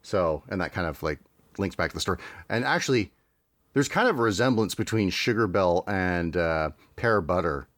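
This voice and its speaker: A man's voice: low-pitched, expressive, normal speed, a bit bright, dry recording. A man hosting a podcast, chatting casually with many fillers and restarts. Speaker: podcast host.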